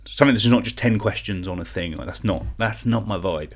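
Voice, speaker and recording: A man's voice: lowish voice, fairly quick. A young man from England hosting an online quiz, chatting casually and rambling as he reads out comments. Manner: chatty, rambling, self-deprecating, sings song clues in gibberish syllables.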